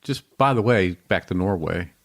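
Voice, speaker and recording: Laid-back man with a low voice. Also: lively intonation, normal speed, vocal fry. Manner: laid-back, brief replies. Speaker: podcast co-host. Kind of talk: casual chat.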